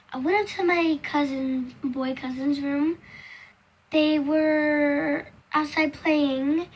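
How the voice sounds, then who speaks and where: A young woman vlogger telling a storytime in casual, rambling chat, full of "like" and acting out the quoted voices in loud, high bursts. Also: a little hiss or hum. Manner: rambling, filler-heavy storytelling with many "like"s.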